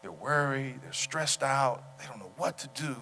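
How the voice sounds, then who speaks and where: A male pastor preaching a sermon to his congregation, talking through stories and repeating his question, at times rising to loud exclamations. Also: medium pitch, animated, moderate pace, a little hiss or hum. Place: church sanctuary. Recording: long hall reverb.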